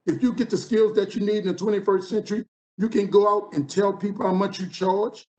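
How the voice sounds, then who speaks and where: A man in his fifties from New Orleans, USA, with a New Orleans accent, gives a motivational keynote speech at a conference, repeating lines with a preacher's rhythm. His voice is high-pitched and darkish with a steady tone and a fairly quick pace, heard over dull audio.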